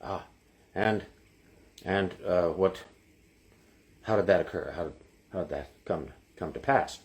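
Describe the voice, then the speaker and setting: A man's voice: low-pitched, a little slow, darkish tone, pitched below the performer's own voice. A man voicing an older Irish priest in a joke, with a put-on Irish accent and dry, probing questions. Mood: deadpan. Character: older male Irish priest hearing confession.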